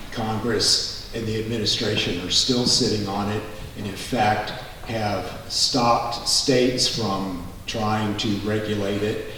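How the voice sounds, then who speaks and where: A man, a congressional candidate, giving a measured, policy-focused answer at a forum. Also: on the low side, fairly bright tone. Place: large echoey hall. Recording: echoey hall, voice from far off, faint noise.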